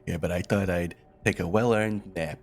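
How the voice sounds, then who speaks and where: A man talking in character during a roleplay game with a very deep voice. It has a gravelly, creaky texture, and he keeps a laid-back, deadpan manner. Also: normal speed, faint music behind.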